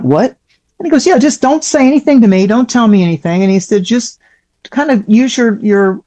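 A woman who is a psychic guest on a show, telling a story casually and acting out other people's voices with big jumps in pitch. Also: warm tone.

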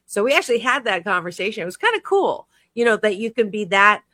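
A woman's voice: mid-range voice, very animated, fast talker, bright, forceful tone, no echo. A woman hosting a show, chatting casually and teasing with sarcasm. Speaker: host. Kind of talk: casual chat.

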